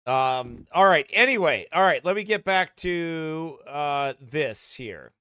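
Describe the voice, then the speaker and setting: A man's voice: fairly high pitch, lively intonation, takes it slowly, few pauses, bright, forceful tone, no echo, clean studio sound. A man preaching a fiery sermon as pastor, with mocking, sarcastic asides.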